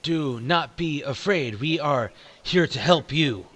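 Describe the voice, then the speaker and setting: A man voicing an earnest male companion who speaks slowly and formally in a tabletop game. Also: a little high, expressive, a bit bright, pitched above the performer's own voice, exaggerated voice. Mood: reassuring.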